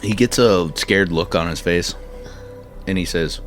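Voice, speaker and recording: A man's voice: sits low, a little slow, fairly bright tone, faint music behind. A man running a tabletop role-playing game, narrating scenes in a casual, rambling way and laughing often. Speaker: game master.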